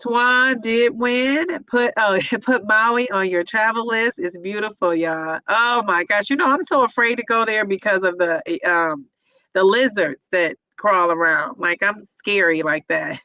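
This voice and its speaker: Woman, livestream host, casual chat, hyping up viewers, bright tone, dry sound. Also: mid-range voice, a little slow, clean tone, dry recording, dull audio. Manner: upbeat, cheering viewers on by name; reads comments aloud and reacts to them.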